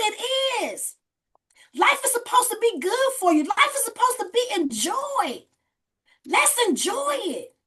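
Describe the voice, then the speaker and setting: A woman with a very high voice leads a group session over a video call, exhorting people and repeating her key phrases. Her tone is bright and forceful. She keeps coaxing participants to speak up. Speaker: host leading a group session. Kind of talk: motivational coaching on a group call.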